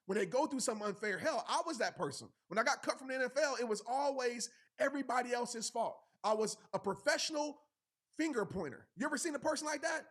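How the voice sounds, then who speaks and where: A man with a fairly high voice delivers a motivational speech. He speaks earnestly and emphatically, hammering home repeated phrases and urging the listener directly. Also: fairly bright tone.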